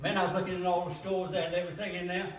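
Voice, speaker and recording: Older man, high-pitched folksy comic, laughs at own jokes; echoey hall, distant mic. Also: level tone, racing. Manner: folksy joke-telling, laughing at his own punchlines. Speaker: comedian. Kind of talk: comic monologue at a church gathering. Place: church hall.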